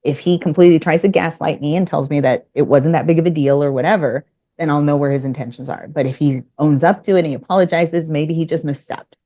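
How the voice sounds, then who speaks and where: A woman's voice: low voice, fast talker, warm tone. A woman guest telling a business story in casual conversation, acting out both sides of the dialogue. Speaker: podcast guest.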